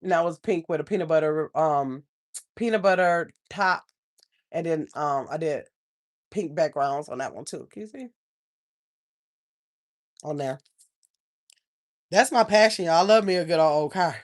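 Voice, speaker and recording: A woman's voice: sits low, a little slow, long pauses. An older woman, hosting a casual livestream, rambling and chatting with viewers. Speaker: channel host.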